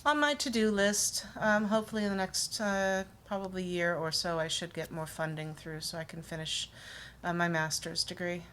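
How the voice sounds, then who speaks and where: A shy young woman studying music, polite and hesitant, tripping over her words, as a woman plays her. The voice sits a little low, with faint noise behind it. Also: steady tone, moderate pace, fairly bright tone, lightly acted.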